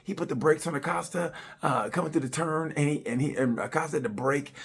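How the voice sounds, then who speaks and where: Husky man on a rambling comedy rant. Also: a little high, brisk. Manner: rambling, loose, profane, restarts a lot. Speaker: comedian reviewing a motorcycle race.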